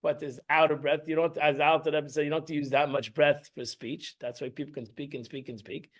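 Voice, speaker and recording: A man's voice: a little high, little pitch movement, fairly quick. A man, teaching an informal Torah class in a rambling, emphatic way, restarting and repeating himself.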